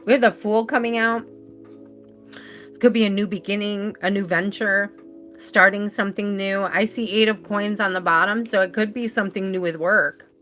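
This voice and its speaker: A woman talks through a live tarot reading in a loose, rambling, chatty way, laughing easily. Her voice is bright and clear. Soft music plays faintly behind her. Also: medium pitch, fairly even intonation, moderate pace. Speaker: tarot reader.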